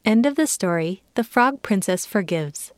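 A woman giving a calm, clear reading as the narrator of a children's story. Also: mid-range voice, normal speed, no room sound, clean studio sound.

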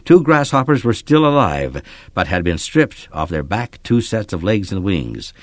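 A man with a lowish voice reads a children's story aloud, his pitch moving in a lively way. The delivery is expressive and measured. The sound is dry and close, with no room reverb. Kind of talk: scripted narration of a children's story.

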